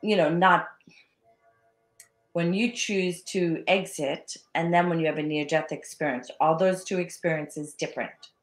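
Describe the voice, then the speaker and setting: A woman's voice: fairly low pitch, steady tone, measured pace, soft background music. A woman hosting an interview, asking questions and sharing her own experiences in a conversational way. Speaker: host interviewer. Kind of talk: casual interview chat. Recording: echoey room.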